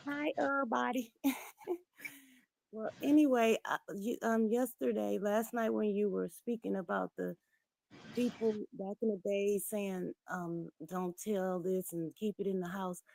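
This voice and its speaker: A middle-aged woman calls into a livestream and tells a candid personal story at a measured pace in a gravelly voice. She's blunt and animated, acting out each quoted voice, and her remote call audio sometimes comes through low.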